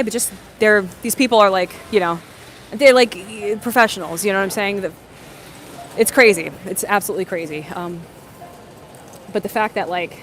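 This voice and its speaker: A woman's voice: mid-range voice, fairly bright tone, slight background noise. A woman hosts a casual livestream, answering viewer comments and telling rambling stories full of fillers and restarts. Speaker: livestream host.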